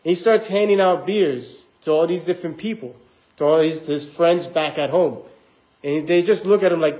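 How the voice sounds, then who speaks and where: A young man gives a sermon in a church in a relaxed, conversational way, his voice sitting a little on the high side. He reads scripture and then wanders through a story, slipping into the voices of the people in it. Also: moderate pace, rough recording. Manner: rambling, conversational, acts out quoted voices. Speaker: preacher. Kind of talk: casual sermon with scripture reading.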